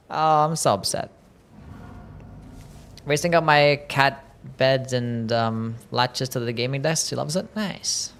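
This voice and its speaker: Streaming a video game from his home desk, a man talks in a medium-pitched, unhurried, smooth and slightly bright voice. His casual commentary is grumbling and self-pitying, with repeated complaints and swearing.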